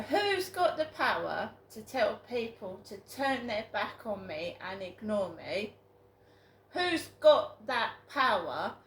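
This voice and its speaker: A British woman vlogging to camera in a rambling, aggrieved way, repeating herself for emphasis. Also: high voice. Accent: British English. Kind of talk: casual vlog monologue. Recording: echoey room with faint ambient noise.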